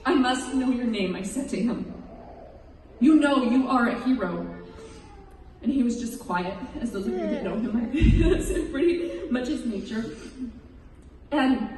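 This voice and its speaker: She is a woman in her thirties with a somewhat high, warm voice, offering an earnest and emotional personal testimony to an audience. Because she is far from the mic, her speech rings through a big echoey hall with a long reverb tail, and a faint hiss runs underneath.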